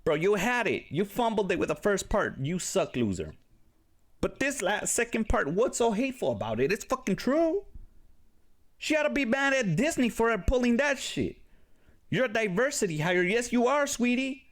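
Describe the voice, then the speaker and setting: A young Mexican-American man who grew up near a casino reacts to clips with blunt, profane commentary, ranting casually and with animation. His voice is extremely high-pitched at a moderate pace.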